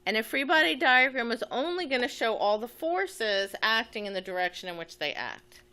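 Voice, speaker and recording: A woman's voice: fairly high pitch, very animated, normal speed, pushed and bright. A woman teaching physics, talking methodically through a problem as she writes and draws. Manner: methodical, thinks aloud while writing. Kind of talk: step-by-step physics lesson.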